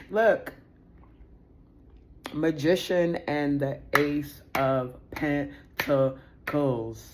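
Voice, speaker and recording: A woman's voice: deep voice, a little slow, a little hiss or hum. A woman doing a casual tarot reading for viewers, slangy and profane, talking with lots of feeling and laughing often. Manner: slangy, profane, animated and emotional; laughs often, addresses viewers as sis and y'all. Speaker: tarot reader.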